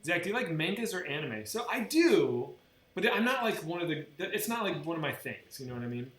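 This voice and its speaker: Gaming on a live stream, a man talks casually in a fairly high, fairly bright voice that is very animated and fairly quick. His chat rambles with swearing and frequent restarts, recorded in roomy sound with a faint noise floor.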